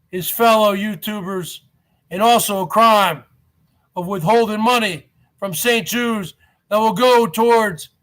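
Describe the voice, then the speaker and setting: A man with a strikingly high voice rants through a live-stream commentary, hammering viewers with repeated questions. His slow, deliberate delivery has a bright, sharp edge, and he breaks into shouting to stir up the audience.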